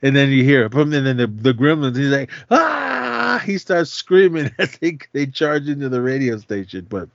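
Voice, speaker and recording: A man at a middle pitch talks through a movie scene by scene in a loose, rambling way, backing up and restarting his sentences. He chuckles as he goes and slips into voices for the characters. The sound is dry and a little dull. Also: moderate pace, hardly any pauses, no room sound. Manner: rambling, restarts sentences, laughs often, acts out quotes. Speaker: podcast co-host. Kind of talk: casual movie recap chat. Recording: slightly dull dry podcast audio.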